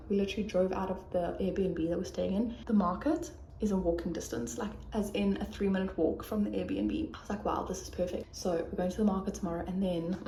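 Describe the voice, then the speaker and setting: A woman's voice: medium pitch, darkish tone, a little hiss or hum. A young woman in her twenties with a South African accent, chatting casually and cheerfully to her phone camera in a vlog, full of fillers and laughs. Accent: South African English. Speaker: vlogger. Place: in a car, then at home.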